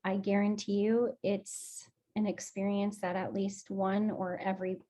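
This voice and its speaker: A woman guides an emotional release session for a group on a video call. She speaks at a slow, unhurried pace. Her manner is affectionate and encouraging, and she sits in the middle of the usual range for pitch. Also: little pitch movement, mellow.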